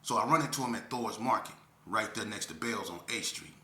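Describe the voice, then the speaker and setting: A storyteller vlogger with a bright voice tells street stories in casual storytelling, animated throughout but dropping low and slow when grieving. The room sounds echoey.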